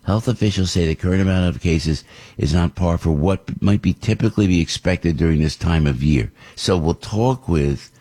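A man's voice: low-pitched, moderate pace, mellow. A middle-aged American man hosting a talk radio show, rambling and opinionated, with many restarts and asides.

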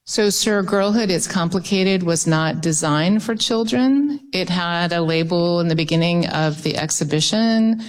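Woman witness, lowish voice, measured and sing-song under questioning. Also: low-quality recording. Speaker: museum official testifying. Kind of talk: congressional hearing testimony.

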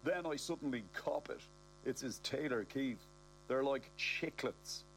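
A man's voice: mid-range voice, unhurried, a little hiss or hum, low-quality recording. A man with a South Dublin accent narrating a comic audiobook, cocky and self-mocking.

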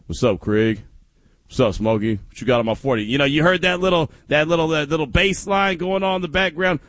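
A man hosting a sports talk radio show, telling stories with lots of laughter and animated energy. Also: mid-range voice, no room sound.

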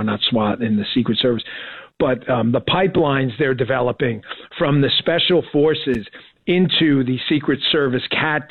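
Excited man on a tinny phone line. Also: medium pitch, husky, dry recording. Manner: excited, rambling with many restarts. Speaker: former Secret Service agent guest. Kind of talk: casual interview on radio.

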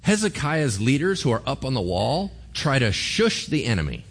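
A man's voice: on the high side, huge pitch swings, moderate pace, a bit bright, slightly rough. A man preaching a sermon in a casual, conversational way, with slang and playful asides. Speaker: pastor.

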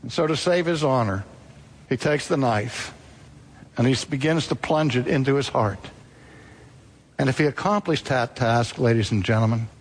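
A man preaching a sermon, telling a story dramatically with sudden rises and drops in pitch. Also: breathy edge, big-room sound.

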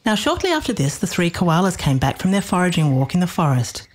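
A woman narrating a children's story in a gentle, expressive way, slowing down on the cosy moments. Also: lowish voice.

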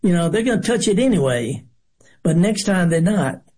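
A radio host chatting casually from a studio, rambling in a folksy way and cracking corny jokes. His voice sits fairly high and has a husky, breathy edge. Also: animated, normal speed, a little mellow. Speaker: radio gardening show host.

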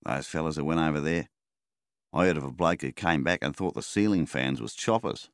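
A man's voice: rumbling low, fairly quick, no echo, clean studio sound. A man voicing a blunt, joking middle-aged father telling a yarn in an audiobook. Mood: wry.

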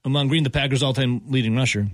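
A man, hosting a sports talk show and telling stories with lively acted-out quotes and frequent laughter. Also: mid-range voice, fast. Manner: animated storyteller, acts out quotes, laughs often. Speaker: radio host. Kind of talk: casual sports talk banter.

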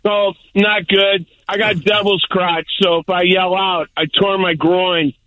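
An older man calling into a talk show, telling a rambling story in a gruff, joking way. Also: high-pitched, little pitch movement, measured pace, sharp tone, poor audio. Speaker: caller. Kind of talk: casual phone-in chat.

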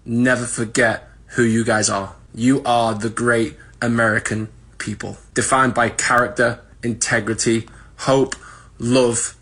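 A man's voice: mid-range voice, level tone, measured pace, fairly bright tone, slightly rough. A British man delivering an earnest, speech-like video message.

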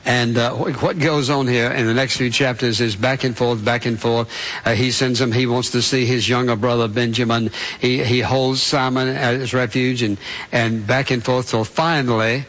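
A man preaches a sermon, retelling scripture in his own words and speaking straight to the congregation, asking them to picture it as parents and children. His voice is medium-pitched with fairly even intonation, a moderate pace, and a fairly bright tone. The recording is rough.

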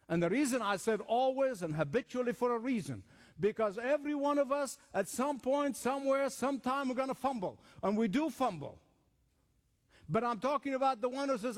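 Man preaching, emphatic, repetitive, high voice, echoing church hall. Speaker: pastor. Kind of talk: sermon.

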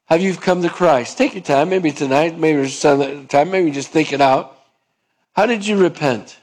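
A man preaching a sermon, asking his listeners questions and dropping low and soft on key points. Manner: acts out both sides of dialogues, rising pitch for the stubborn voice. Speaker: pastor.

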